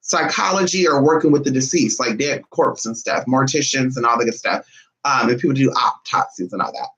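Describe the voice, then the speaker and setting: A woman spinning a casual storytime for her viewers in a lively, unfiltered way. She swears freely and jumps into high, dramatic voices whenever she quotes someone. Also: fairly quick, low-quality recording. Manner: animated, blunt and profane, acts out others' lines with big pitch jumps. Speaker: spiritualist vlogger.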